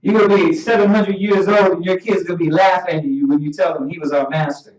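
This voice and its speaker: Animated high-voiced male preacher. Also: fast talker. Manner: animated, laughing, calls for verses. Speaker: Bible class teacher. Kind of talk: preaching Bible study. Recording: dull echoey room audio from far off.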